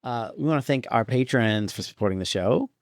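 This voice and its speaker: A man's voice: mid-range voice, expressive, a little fast, dry recording, studio quality. A male podcast co-host in casual movie-review chat, joking wryly and laughing often.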